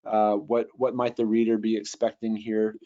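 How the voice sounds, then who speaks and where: Guy teaching a bible translation webinar, bit low, lots of uh and restarts, dull sound. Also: flat delivery, warm tone. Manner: thinking aloud, frequent fillers and restarts, reads Greek slowly. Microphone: computer mic on a video call.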